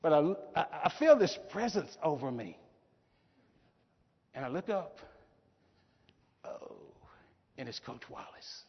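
A middle-aged man with a voice pitched a bit high for a man tells a story from a stage, with feeling, leaning on repeated phrases. The sound is muffled and slightly dull, with a long reverb trailing behind him in a large hall. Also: big pitch swings, slow pace, pauses often, husky. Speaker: motivational keynote speaker. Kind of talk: motivational keynote speech.

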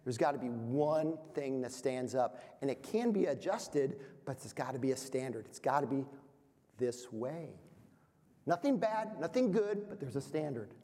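A man's voice: mid-range voice, animated, moderate pace, warm tone. A man in his fifties giving a motivational seminar talk to business owners, playful and self-deprecating, quizzing the audience. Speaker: speaker at a business workshop. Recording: reverberant hall sound.

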